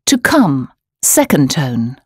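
A woman narrating a scripted language course, explaining words and tones in a clear, measured way. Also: extremely low pitch, sing-song, dry recording. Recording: dry studio voice-over.

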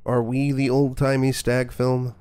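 A man's voice: medium pitch, completely flat delivery, measured pace, darkish tone, smooth. A man streaming a horror game, giving sarcastic, mock-scared commentary and swearing freely. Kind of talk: live gameplay commentary.

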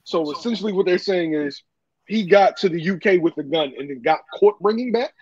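A man's voice: sits high, animated, a little fast, darkish tone, slightly rough, no room sound. A man arguing heatedly on a podcast panel, stuttering and swearing as he makes his points. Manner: agitated, stuttering, profane. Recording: dull lo-fi audio.

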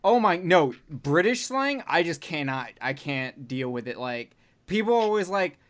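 A man hosts a casual podcast, swearing freely and talking with animated energy. His voice sits a little higher than most men's. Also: moderate pace. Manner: profane, animated. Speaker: podcast host.

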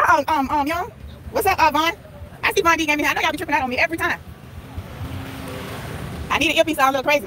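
Female vlogger, high voice, chatty and playful, phone audio outdoors with crowd noise behind her. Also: very fast. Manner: talkative, playful, repeats herself, greets viewers by name. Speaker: vlogger streaming live. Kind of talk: chatty live-stream vlog, reading out chat comments. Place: outdoors at a busy tailgate. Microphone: phone held while walking.

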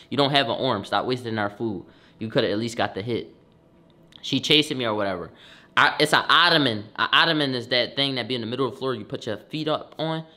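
A young man, a streamer, telling a story in a slangy, profane, animated way, getting loud on the punchlines. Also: mid-range voice. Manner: swears often, slangy, bursts loud on punchlines.

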